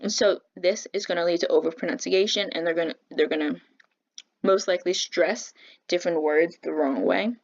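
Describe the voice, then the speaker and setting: Young woman doing a class presentation, flat and kinda halting, lots of ums, muffled lo-fi audio. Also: vocal fry. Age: young adult. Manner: halting, with fillers and self-corrections; says she speaks with a flat pitch. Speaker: education student presenting. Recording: dull lo-fi recording.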